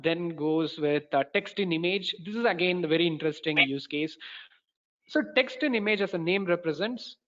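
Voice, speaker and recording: Man, Indian English accent, webinar instructor, halting and restarting, somewhat high voice, echoey room. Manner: halting, many fillers and restarts. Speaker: course instructor. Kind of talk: webinar demo walkthrough. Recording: roomy, dull lo-fi sound.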